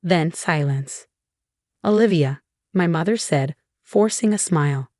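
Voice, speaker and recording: A woman reading a scripted first-person story in an even, measured way. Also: low voice, dry recording, studio quality.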